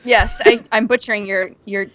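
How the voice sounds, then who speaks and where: A young adult woman co-hosting a casual podcast chat, telling stories in an animated way and acting out the quotes. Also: mid-range voice, moderate pace, no room sound, faint music behind. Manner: animated storyteller, acts out quotes. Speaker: podcast co-host.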